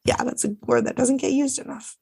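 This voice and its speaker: Woman co-host, casual recap chat, gravelly edge, loose and profane. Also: fairly high pitch, fairly even intonation, a little fast, darkish tone. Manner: chatty, swears freely, lots of fillers. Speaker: podcast co-host.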